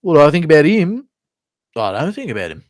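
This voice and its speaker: A man's voice: on the high side, big pitch swings, brisk, dry recording, studio quality, pitched above the performer's own voice. A man impersonating an Australian fighter in an offhand, drawling way, with an Australian accent. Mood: dismissive.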